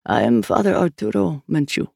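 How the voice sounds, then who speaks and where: Brief: studiously calm older priest, gravelly, dry recording, read by a man. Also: a little high, no echo, heavily acted. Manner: calm, measured.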